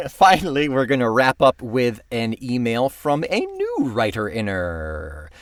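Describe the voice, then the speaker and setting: A man co-hosting a music podcast, reading listener mail and plugging the show in a relaxed, chatty way. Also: mid-range voice, a little slow, no room sound, clean studio sound. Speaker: podcast co-host. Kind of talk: casual chat.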